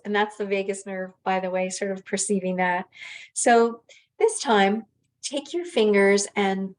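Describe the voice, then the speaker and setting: Gentle, unhurried woman guiding relaxation. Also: mid-range voice. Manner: gentle, unhurried, halting with soft fillers. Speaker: relaxation teacher. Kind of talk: guided self-massage relaxation.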